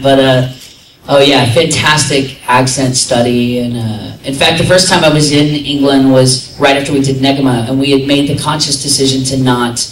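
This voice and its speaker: Animated man telling stories in an echoey hall. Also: medium pitch, normal speed, over a noisy crowd. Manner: animated, laughs often, mimics voices. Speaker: convention guest voice actor. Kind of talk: casual storytelling at a convention panel. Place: convention panel room. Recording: echoey room, somewhat distant, faint noise.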